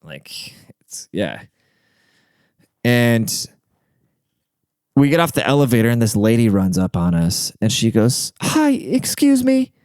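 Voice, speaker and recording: A man's voice: on the low side, expressive, slow pace, pauses often, a little mellow, clear, resonant tone, no room sound, studio quality. A young man hosting a podcast, telling stories in a rambling, profane, conversational way. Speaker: podcast host. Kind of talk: casual storytelling monologue.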